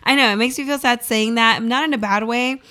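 A woman's voice: on the high side, fairly quick. A young adult woman co-hosting a morning radio show, telling stories in a casual, chatty way with lots of fillers. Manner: chatty, animated storytelling with many fillers. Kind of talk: casual chat. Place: radio studio.

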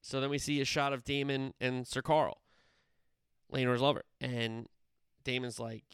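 A man's voice: medium pitch, steady tone, a little slow, long pauses, fairly bright tone, clear, resonant tone, no room sound, studio quality. A man casually recapping a TV episode in a chatty way, full of fillers, paraphrasing what the characters say. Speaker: show recapper.

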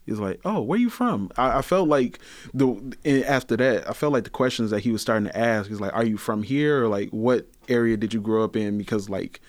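Laid-back slangy man, low voice. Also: fairly quick, dry recording. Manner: relaxed slangy storyteller, acts out quotes. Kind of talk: casual chat.

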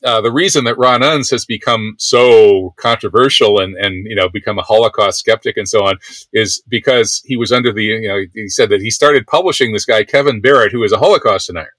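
A man who is a guest on a casual interview. He speaks quickly, with wry, ironic humor. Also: on the low side, fairly bright tone, no room sound. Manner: quick, wry and ironic, laughing at his own jokes. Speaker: guest, senior editor.

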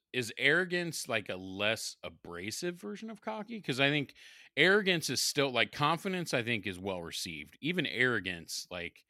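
A man with a bright, lively voice co-hosting a podcast. He laughs often and works through ideas out loud. The recording is dry and close. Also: on the low side, no room sound. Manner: animated, laughs a lot, thinks aloud. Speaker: podcast co-host. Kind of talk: casual chat.

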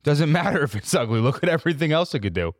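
A man's voice: a little high, sing-song, quick pace, no echo, studio quality. A man co-hosting a casual podcast, brash and boastful, swearing freely as he argues his point. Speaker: podcast co-host. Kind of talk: casual banter.

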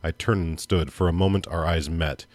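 Low-voiced man narrating a dark story. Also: normal speed, no echo. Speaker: podcast host. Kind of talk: dramatic story reading.

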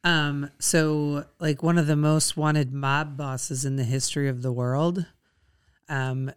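A woman's voice: low-pitched, steady tone, clean tone. A woman co-hosting a podcast in casual, playful chat. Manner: chatty, playful, quick to laugh. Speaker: podcast co-host.

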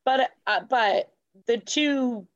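A woman's voice: fairly high pitch, slow, highs cut off. A woman co-hosting a podcast in casual chat, sharing fun facts with small hesitations. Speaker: podcast co-host.

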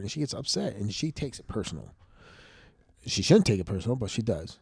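A man's voice: lowish voice, very animated, normal speed, creaky, long pauses, darkish tone, breathy edge, dry recording, clean studio sound. A man hosting a podcast, talking in a frank, profane, rambling casual monologue. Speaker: podcast host.

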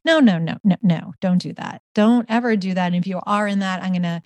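A middle-aged woman speaks as an interview guest, telling her stories with emphatic energy. Her voice sits at a medium pitch, and the sound is dry and close, with no room around it. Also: brisk, dry recording. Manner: animated, emphatic storytelling with gasps and laughs. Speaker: guest, author and healer. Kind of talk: conversational interview.

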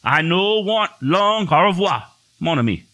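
A cowardly French-Canadian brute whining for mercy in broken English. The voice climbs far above a normal man's register and turns bright and sharp. The mock French accent is exaggerated, and the sound is dry and close. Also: sits high, sing-song, a little slow, no echo, pitched above the performer's own voice, heavily acted. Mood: pleading, panicky. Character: blustering French-Canadian bully begging for life. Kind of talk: comic storytelling voice.

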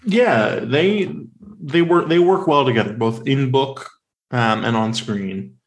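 A man co-hosting a casual podcast, rambling with lots of fillers and animated questions. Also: medium pitch, slow. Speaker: podcast co-host. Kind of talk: casual chat.

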